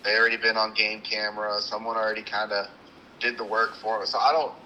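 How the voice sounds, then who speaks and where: A man, co-hosting a hunting show, telling an animated story with acted-out quotes and sounds. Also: on the low side, fast, a little hiss or hum, rough recording. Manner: animated, acts out the scene with quoted lines and sound imitations. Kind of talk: casual storytelling chat.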